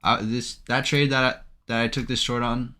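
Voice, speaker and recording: A man's voice: medium pitch, level tone, moderate pace, bright, forceful tone. A man giving live commentary on his own trades, talking to himself in an anxious, emotional way. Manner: anxious, emotional self-talk. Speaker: day trader streaming his trading.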